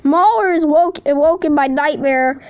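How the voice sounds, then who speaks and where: A woman's voice: sits high, moderate pace, dull audio. A woman host reading simulated game results aloud, adding playful jokes and cheers between lines. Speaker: channel host.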